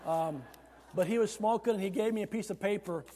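A man preaching a sermon as pastor, animated and chatty with laughing asides, at times rising to shouts. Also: high voice, fairly quick. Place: church sanctuary. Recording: long hall reverb.

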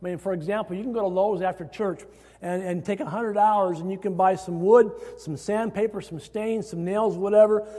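Preaching a sermon in a church sanctuary, an Iowa pastor speaks fairly quickly in a high, warm, steady voice. He stresses phrases as his voice rises toward the congregation, and the hall reverb is audible.

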